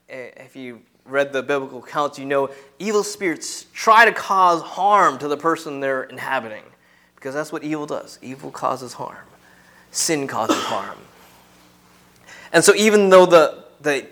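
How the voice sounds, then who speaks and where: A man's voice: sits high, sharp tone. A man preaching an earnest sermon, teaching through a Bible passage and repeating key phrases for emphasis.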